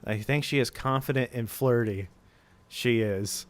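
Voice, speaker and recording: Speaking a little slowly in a mid-range voice, a man streams live and trades goofy chatter with his viewers, laughing frequently throughout.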